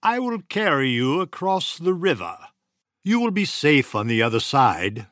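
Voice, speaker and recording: A man's voice: fairly high pitch, very animated, unhurried, a bit bright, dry recording, clean studio sound, voice pushed up. A man voicing a sly male fox who sweet-talks in a coaxing, friendly tone for a storybook.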